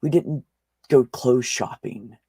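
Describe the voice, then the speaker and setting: A man's voice: mid-range voice, takes it slowly, creaky, mellow, breathy edge, no echo, studio quality. A man in casual conversation, telling a long personal story with frequent swearing and restarts. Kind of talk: casual chat.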